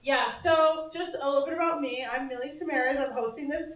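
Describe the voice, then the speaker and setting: A young woman with a high voice doing brash, self-mocking stand-up as the host of a small club show. She swears freely and breaks into laughter often. The sound is echoey and picked up from a distance. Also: steady tone, fairly quick, a bit bright. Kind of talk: stand-up comedy set. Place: small comedy bar stage.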